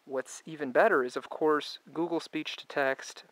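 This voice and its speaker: A man's voice: fairly high pitch, steady tone, normal speed, a bit bright, dry recording, rough recording. A man with a Canadian accent walking through phone settings in a casual review, chatty and digressive with dry sarcastic asides. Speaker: tech reviewer. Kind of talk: casual product review walkthrough.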